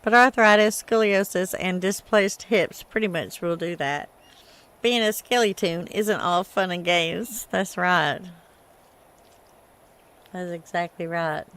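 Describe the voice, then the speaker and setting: A woman's voice: fairly low pitch, slow, fairly bright tone. A woman hosting a casual gaming livestream, chatting and laughing as she reads chat aloud.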